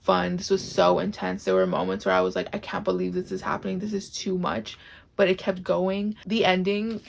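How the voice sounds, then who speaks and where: This book vlogger talks briskly at medium pitch with little pitch movement and a creaky voice, with slight background noise. Reviewing books to camera at home, she's gushing, tearful, close to crying, and full of "like."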